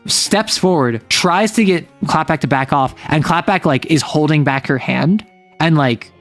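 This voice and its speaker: Man, casual game recap, rambling, filler-heavy, slightly high pitch. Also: animated, a little slow, soft background music. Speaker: tabletop game player recapping a session.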